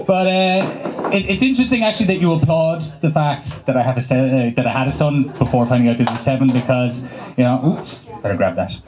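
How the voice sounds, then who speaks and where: A young adult Irish comedian tells a loose, swearing stand-up story at an open mic in a small cafe, his medium-pitched voice expressive despite a dry throat. He drops quick voiced asides, while the poor live-room audio picks up the crowd laughing.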